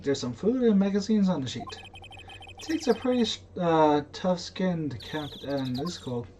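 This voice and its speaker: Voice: medium pitch, expressive, unhurried, dark tone, slight background noise. A game dubber reading a game's text aloud with chatty, playful asides.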